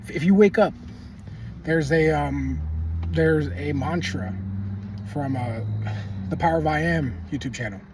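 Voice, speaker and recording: A man's voice: fairly high pitch, a little slow, pauses often, distant mic, noisy background. A man giving casual, emphatic motivational talk, repeating himself and swearing bluntly. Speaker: manifestation video creator.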